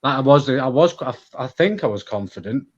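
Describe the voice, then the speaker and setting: A man's voice: mid-range voice, lively intonation, brisk, muffled recording. A man with a Manchester accent, a guest talking candidly in casual chat, rambling with restarts. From Manchester, England.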